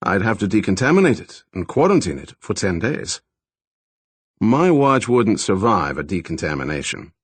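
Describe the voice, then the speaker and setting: A man's voice: lowish voice, fairly bright tone, no echo. A man narrating a first-person thriller audiobook in a dry, wry storytelling manner, close to a studio mic.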